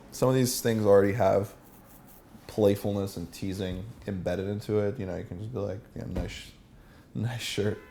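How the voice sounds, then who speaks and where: A man's voice: fairly low pitch, dark tone. A man teaching a seminar as a dating coach, asking the room questions and acting out example lines.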